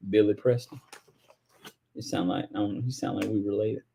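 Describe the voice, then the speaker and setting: A man's voice: on the low side, fairly quick, vocal fry, a little hiss or hum. A man, the host's husband, chatting casually, laughing often and chiming in with short remarks. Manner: relaxed, laughs often, chimes in briefly. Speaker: husband, co-host. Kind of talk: casual chat.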